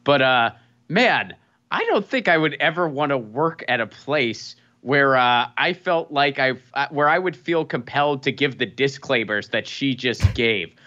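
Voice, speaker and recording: Man, casual commentary co-host, incredulous, bright voice, dull lo-fi sound. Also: mid-range voice, animated, unhurried.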